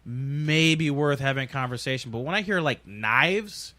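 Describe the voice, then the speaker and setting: A man's voice: medium pitch, a little slow, pushed and bright, no echo. A man hosting a casual podcast, teasing and provoking his co-hosts with crude jokes. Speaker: podcast host.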